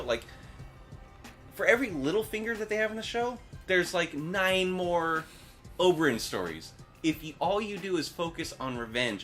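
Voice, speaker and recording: A young man with a bright, tense-edged voice that leaps up and down in pitch. He argues his reading of a TV episode in casual, chatty bursts and laughs easily. Faint music plays underneath. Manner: animated, analytical, laughs easily. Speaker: podcast co-host. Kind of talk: casual chat recapping a TV episode.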